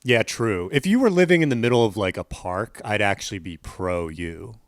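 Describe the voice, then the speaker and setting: Man, podcast co-host, sarcastic quips, animated pitch, dry close mic. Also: normal speed, no echo. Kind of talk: casual comedy podcast banter.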